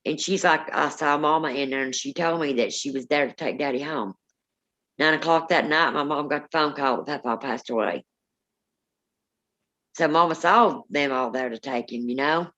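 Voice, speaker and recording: A woman's voice: sits low, normal speed, fairly bright tone, highs cut off. A woman, co-hosting a paranormal live stream, telling rambling family stories with many restarts. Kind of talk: casual live-stream storytelling.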